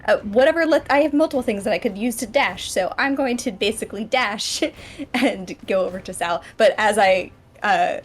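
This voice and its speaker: A woman playing in a tabletop game, chatty and quick to laugh. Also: medium pitch, breathy edge. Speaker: player. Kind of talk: casual tabletop play.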